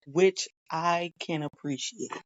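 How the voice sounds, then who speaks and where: Low-voiced chatty woman guest, dull sound. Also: slow, no echo. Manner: chatty, laughing, acts out quotes. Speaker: podcast guest. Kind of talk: casual TV review chat.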